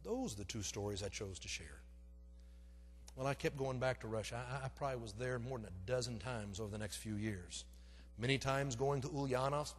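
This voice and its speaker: A middle-aged man preaching in a church, telling a personal story in an animated, self-deprecating way that acts out the scenes. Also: medium pitch, breathy edge. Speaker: pastor. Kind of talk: storytelling sermon. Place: church sanctuary. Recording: long reverb of a church sanctuary.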